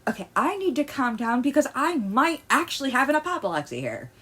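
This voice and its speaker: A woman's voice: sits high, fairly quick, husky. Heated ranting woman vlogger. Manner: animated and heated, stammering restarts, swings from loud outbursts to quiet muttering. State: agitated. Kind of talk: ranting commentary.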